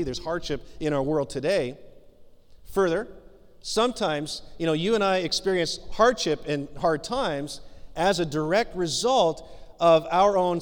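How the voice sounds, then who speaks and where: Male pastor, somewhat higher voice, earnest conversational sermon with filler pauses, long hall reverb. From Canada.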